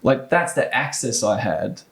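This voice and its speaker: Lively Australian ex-player telling stories. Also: male voice, medium pitch, measured pace, gravelly. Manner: animated anecdotes, frequent restarts and laughs. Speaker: guest, former basketball player. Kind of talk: casual storytelling.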